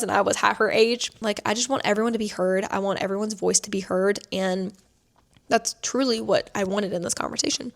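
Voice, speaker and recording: A woman in her twenties, seated indoors, tells a personal story to camera, filling her speech with "like". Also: mid-range voice. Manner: chatty, many filler "like"s. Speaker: vlogger.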